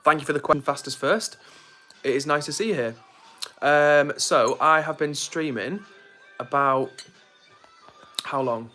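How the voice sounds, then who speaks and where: A man's voice: fairly high pitch, a little slow, long pauses, pushed and bright, soft background music. A young man chatting casually on a live stream, reading viewer comments aloud.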